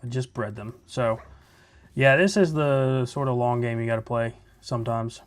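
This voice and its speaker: A relaxed man talks through his gameplay in an easy, chatty way, as if keeping a friend company. His voice sits at an average pitch, and he muses aloud between tasks. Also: normal speed. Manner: laid-back, chatty, thinking aloud. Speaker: Minecraft let's play host. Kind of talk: casual gameplay commentary.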